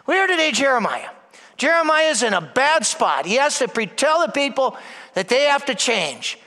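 A man delivers a Mass sermon in a high, bright voice that rings out across a large church with a long reverb. He acts out the voices in his story and swings between loud, animated stretches and hushed, near-whispered lines. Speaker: preacher at Mass.

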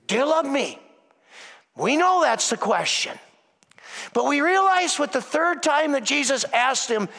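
A man, a priest, giving a slow, emphatic sermon full of rhetorical questions in a church. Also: extremely high pitch, vocal fry, pushed and bright, big-room sound.

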